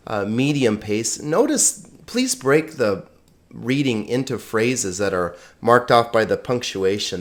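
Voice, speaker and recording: A man teaching a language lesson, reading ancient text aloud phrase by phrase in a slow, deliberate way. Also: medium pitch. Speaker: Greek teacher.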